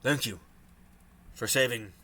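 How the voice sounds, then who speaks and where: A man voicing a friendly male orc trader who talks eagerly and a bit haltingly. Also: mid-range voice, sharp tone.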